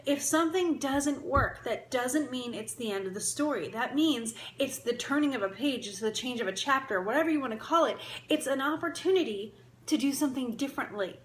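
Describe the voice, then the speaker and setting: A woman's voice: sits high, expressive, fairly quick. A young adult woman hosting a casual live stream, talking in an upbeat, encouraging way, chatting with viewers and laughing often. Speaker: live-stream host giving daily affirmations. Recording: echoey room with faint ambient noise.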